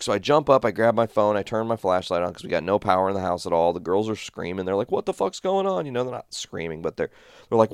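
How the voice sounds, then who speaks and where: A man's voice: sits low, no room sound, studio quality. A man casually telling a long story from home, rambling and swearing often as he retells what happened. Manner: profane, rambling, animated retelling. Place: home studio.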